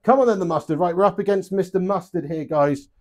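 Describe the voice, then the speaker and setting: Hosting a live darts stream on webcam, a young man speaks fast in a high, slightly mellow voice. He's chatty and jokes around, swearing freely and calling his viewers lad and mate.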